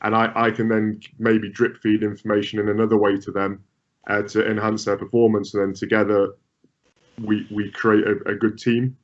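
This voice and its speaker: Low-voiced coach talking in restarts. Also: male voice, flat delivery, normal speed. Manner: repeats words, many restarts. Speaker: goalkeeping coach, guest. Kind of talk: conversational interview answers. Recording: muffled lo-fi audio.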